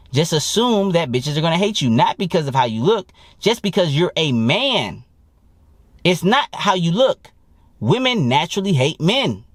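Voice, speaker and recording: A young man talking as a dating coach in a blunt, profane and animated casual monologue. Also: fairly high pitch, no room sound, clean studio sound. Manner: profane, blunt and animated, mimics people he quotes.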